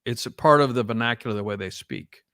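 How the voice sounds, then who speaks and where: Male podcast co-host, gravelly and dry, rambling casual talk. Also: mid-range voice, fast, fairly bright tone, no echo. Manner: rambling, many fillers and restarts. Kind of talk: casual chat.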